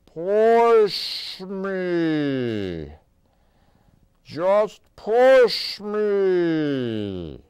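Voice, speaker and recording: A man voicing a young boy, high strained voice, worried and urgent, storybook reading, dry close sound. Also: very slow, darkish tone, clean tone, dry recording.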